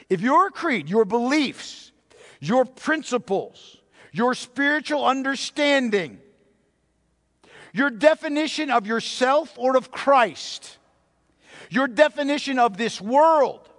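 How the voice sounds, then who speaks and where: A man preaching a sermon as a pastor, emphatic, repeating phrases and slowing down to stress key words. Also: extremely high pitch, fairly bright tone. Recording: long reverb of a large hall.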